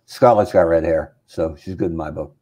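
A man's voice: low-pitched, normal speed. A man co-hosting a casual chat show, bantering in a jokey way. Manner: jokey, animated. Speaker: podcast co-host.

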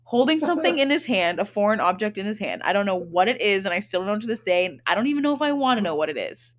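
A young woman co-hosting a podcast, telling a story in a loud, profane, animated way and acting out what people said. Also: mid-range voice, fast talker. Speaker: podcast co-host. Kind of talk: casual storytelling chat.

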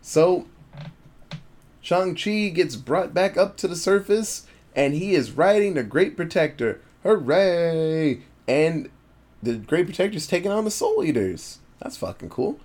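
Male podcast co-host, animated and profane, slightly high voice, loose casual movie retelling. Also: measured pace.

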